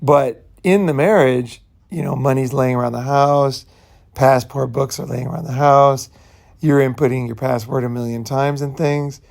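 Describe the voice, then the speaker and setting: A man's voice: mid-range voice, fairly even intonation, normal speed, creaky, darkish tone. A man hosting his own channel, talking in a loose, rambling way and leaning on "you know" and "right" while speaking bluntly and sometimes profanely. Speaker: channel host. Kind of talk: casual rambling monologue.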